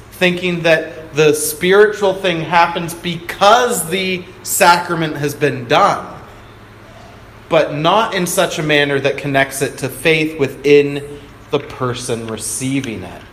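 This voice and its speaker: Guy preaching a sermon, kinda high voice, lots of uh and restarts, punches key words, echoey church room. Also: a bit bright, a little hiss or hum. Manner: earnest teaching, many fillers and restarts, rising emphasis. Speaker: pastor. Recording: echoey hall with faint ambience.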